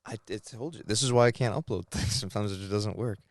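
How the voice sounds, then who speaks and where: A man's voice: on the low side, fast talker, no room sound, studio quality. Laid-back, crude young man joking. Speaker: podcast co-host. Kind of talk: casual chat.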